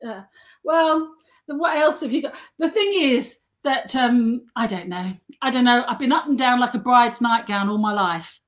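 A middle-aged woman telling self-mocking anecdotes in a casual chat, chatty and quick to laugh. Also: a little high. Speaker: guest and model.

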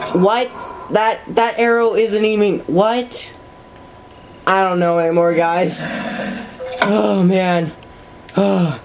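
A let's play gamer and vlogger offers casual commentary over gameplay, giggling, rambling and apologizing, with sudden high yelps. The background is noisy.

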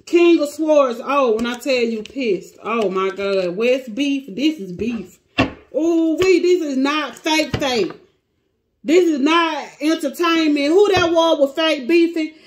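A high-voiced woman reads tarot casually and slowly, frequently exclaiming and stopping mid-sentence as she thinks aloud. Clear clicking sounds run behind her, with slight background noise.

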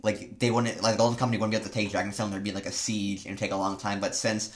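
A man's voice: lowish voice, little pitch movement, racing. A young man co-hosting a casual chat, rambling and full of "like" and "um". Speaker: co-host.

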